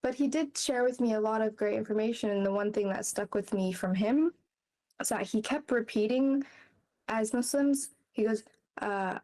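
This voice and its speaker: A woman's voice: on the high side, normal speed, mellow. A woman telling a personal story in casual, rambling talk, full of "like" and light laughs. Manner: rambling, heavy use of "like", laughs between phrases. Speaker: interview guest.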